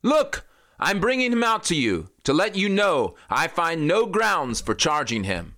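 A man's voice: on the high side, big pitch swings, a little slow, sharp tone, pitched above the performer's own voice, full character voice. A man voicing an anxious, exasperated Roman governor in a plain scripture reading, his voice raised and pleading.

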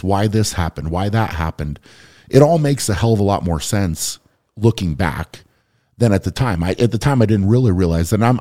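A man's voice: lowish voice, darkish tone. A man hosting a podcast in casual conversation, talking earnestly and often checking in with "right?". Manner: earnest, keeps asking "right?". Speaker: podcast host.

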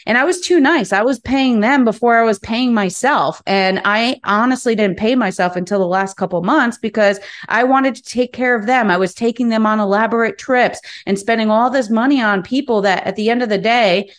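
A woman's voice: a little high, normal speed, hardly any pauses. A woman hosting a business podcast, speaking frankly in a candid monologue, cursing now and then and repeating words as she works through her thoughts.

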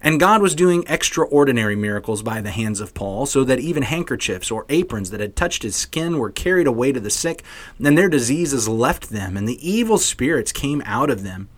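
A man's voice: medium pitch, sing-song, normal speed. A man co-hosting a Bible podcast, reading scripture expressively like a story for kids and chatting casually. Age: adult parent. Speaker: podcast co-host.

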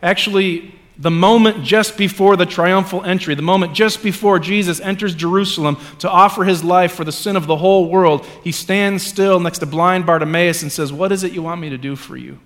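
Man, pastor, sermon, slightly high voice, long church reverb, hushed-to-loud scripture reading. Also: steady tone, brisk. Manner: reads scripture with dramatic swings from hushed to loud; conversational asides with fillers.

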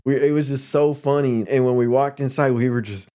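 A man's voice: medium pitch, fairly even intonation, a little fast, dark tone. Laid-back slangy man telling a story. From Arizona. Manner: laid-back, slangy, mimics people in his stories. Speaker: podcast guest. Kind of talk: casual storytelling.

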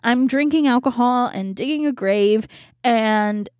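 A woman's voice: a little high, a little slow, a little mellow, no echo, natural voice. A woman voicing a grumpy, drunken male gravedigger, in an offhand, flippant way. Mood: carefree.

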